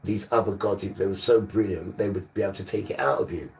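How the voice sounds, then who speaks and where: A man's voice: sits low, fast talker, few pauses, darkish tone, recorded from a distance, faint music behind. A man preaching on a livestream, emphatic and repetitive, sometimes scolding his listeners. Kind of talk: livestreamed sermon.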